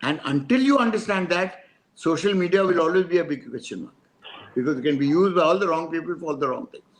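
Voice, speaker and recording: An older Indian man tells an animated story at a public talk, switching voices for each character. His voice sits a bit high, and faint noise hums behind him. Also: fast talker, rough recording. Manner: animated storyteller, acts out dialogue, mixes in Hindi. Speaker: advertising speaker.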